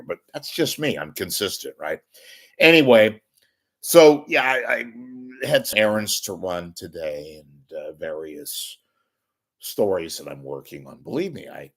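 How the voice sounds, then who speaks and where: A man hosting his own show, ranting casually to camera in a rambling, wisecracking, profane way, often clearing his throat. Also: low voice, fairly bright tone. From San Francisco Bay Area. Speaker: host of a media commentary show. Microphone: webcam or camera at desk.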